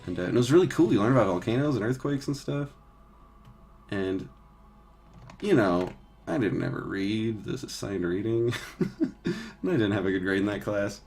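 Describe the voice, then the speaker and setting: A man in his thirties streams his painting work, chatting loosely as he goes. His voice sits a bit low, and he rambles through stories with plenty of filler words, the odd curse and easy laughter. Soft guitar music plays faintly behind him. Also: expressive, moderate pace, pauses often. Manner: rambling, filler-heavy, swears and laughs easily. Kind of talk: casual chat while painting live.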